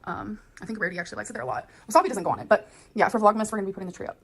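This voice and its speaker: A woman's voice: medium pitch, racing, creaky, fairly bright tone, breathy edge. A woman doing casual vlog narration to the camera, breezy and upbeat, with lots of fillers. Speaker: vlogger.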